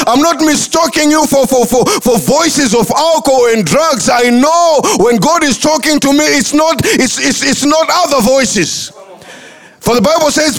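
A male pastor delivers an impassioned sermon in a very high voice with a gravelly edge. His phrases rise and fall in a sing-song preaching cadence, and he often repeats words as he drives a point home. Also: measured pace, a bit bright. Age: adult, married.

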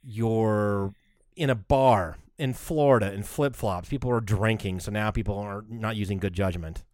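A man's voice: lowish voice, moderate pace, a little mellow, no echo, clean studio sound. A man in casual chat, rambling through his opinions with many restarts and filler words.

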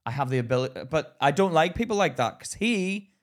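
Lively man, teasing banter. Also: a little high, a little fast. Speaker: podcast co-host. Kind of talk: casual chat.

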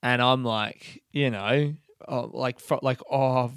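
Young aussie guy, laid-back rambly monologue, smooth clear voice, dry close sound, self-mocking. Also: mid-range voice, takes it slowly, a bit bright, no room sound. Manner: rambling, self-deprecating, swears freely. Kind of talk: casual monologue.

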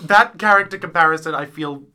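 A man with a smooth, slightly high voice chats casually on a podcast about theatre shows. He rambles in an animated way and keeps slipping into quick silly voices.

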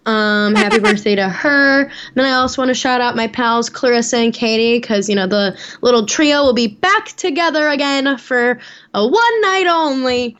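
A woman's voice: a little high, moderate pace, few pauses, a bit bright, highs cut off. A woman co-hosting a podcast in casual chat, teasing and blunt with her partner. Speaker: podcast co-host.

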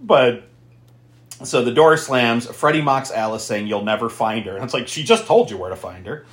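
A man co-hosting a podcast, recapping a horror movie in a casual, animated way and laughing often. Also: moderate pace, echoey room. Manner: animated, laughing, swearing recap with big pitch jumps. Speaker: podcast co-host.

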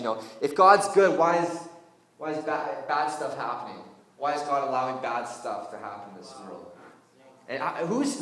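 Lively joking preacher, very echoey hall. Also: male voice, fairly high pitch, far from the mic. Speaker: youth pastor. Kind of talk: informal sermon. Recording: very echoey room.

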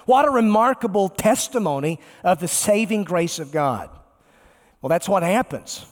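A pastor, a man, preaching a sermon emphatically and slowing down to stress key words. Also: high voice, animated. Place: large church sanctuary. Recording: long reverb of a large church.

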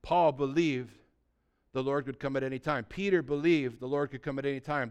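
Rhetorical questions to the congregation mark this animated, conversational sermon from a pastor in his sixties. His smooth, mid-range voice runs a little fast, alternating between loud emphasis and quiet, hushed moments.

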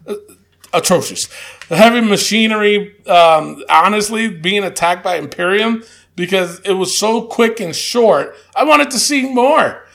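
A man co-hosting a loose chat show, with a voice that sits high and has a gravelly edge. He stumbles through fillers and restarts, then delivers blunt, dry verdicts. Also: unhurried, a bit bright. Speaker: podcast co-host. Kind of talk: casual chat.

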